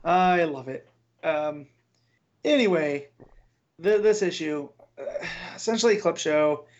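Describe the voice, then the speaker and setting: A man with a slightly raised pitch giving his opinions in relaxed podcast banter. He sounds wry and sure of his views, and he stumbles and restarts as he talks. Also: a little slow, muffled recording. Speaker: podcast co-host. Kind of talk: casual comic book chat.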